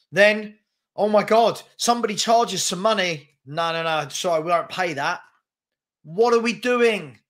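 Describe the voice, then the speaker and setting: A man with a high, fairly bright voice rants angrily to camera on his football fan channel. Exasperated, he keeps firing off repeated rhetorical questions.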